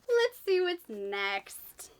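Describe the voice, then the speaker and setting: A woman's voice: very high voice, big pitch swings, extremely slow, background noise. A woman vlogging a book unboxing in a chatty, gushing way, full of exclamations and asides.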